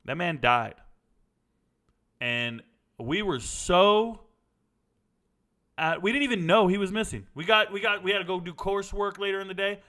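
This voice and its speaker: Middle-aged male host, raised pitch, crisp bright tone, animated blunt storyteller. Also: normal speed, long pauses. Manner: animated, blunt, swears casually. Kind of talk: casual storytelling.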